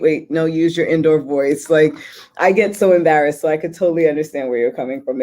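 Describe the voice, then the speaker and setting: A woman's voice: sits low, warm tone. A woman moderating a panel, casual, chatty and affirming.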